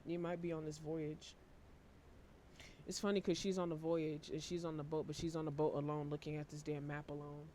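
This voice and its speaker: A worn-out man giving a casual tarot reading to camera, talking in a flat, low-energy monotone and swearing casually. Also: a little fast, slight background noise. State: emotionally worn out. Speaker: tarot reader.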